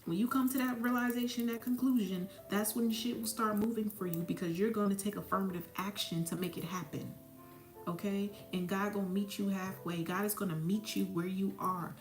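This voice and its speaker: A woman's voice: medium pitch, fairly even intonation, brisk. A woman spiritual mentor giving a blunt, profane, preachy motivational talk. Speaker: spiritual mentor and psychic medium. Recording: echoey room, faint music behind.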